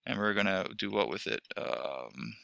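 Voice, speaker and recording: A man's voice: low voice, expressive, a little slow, vocal fry, sharp tone, muffled recording. A man teaching a screen-recorded lesson, rambling and correcting himself as he talks through each step.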